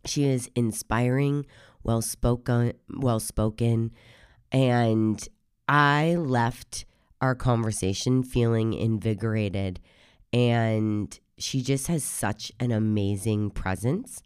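A woman hosting a podcast, talking casually in a rambling, chatty way while hoarse from a cold. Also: rumbling low, slow, a little mellow, no room sound, studio quality. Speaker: podcast host. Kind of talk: casual podcast intro monologue.

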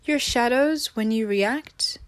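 A woman's voice: fairly high pitch, slow. A woman speaking in a casual, reflective monologue about emotional self-healing. She restarts her sentences often and sometimes drops to a near-whisper. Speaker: spiritual self-help speaker.

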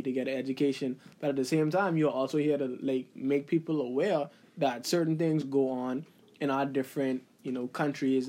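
A man talking in a casual podcast chat, animated and rhetorical, using Caribbean slang. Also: mid-range voice.

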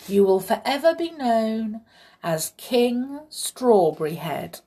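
A woman's voice: a little high, very animated, slow pace, warm tone, pitched above the performer's own voice. A woman playing a bold little flute player. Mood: scolding. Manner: firm and lecturing.

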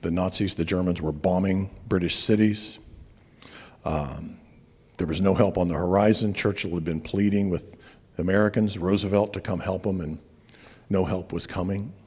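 Husky preacher in a reverberant hall. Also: male voice, low-pitched, fairly even intonation, a little mellow. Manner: storytelling preacher, slows for emphasis. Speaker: pastor. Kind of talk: sermon. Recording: long reverb of a large hall.

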